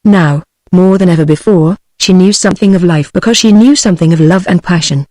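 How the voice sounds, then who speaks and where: A text-to-speech woman's voice with a British English accent, reading a novel as an audiobook narrator in an even, steady delivery. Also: on the low side, brisk, dry recording.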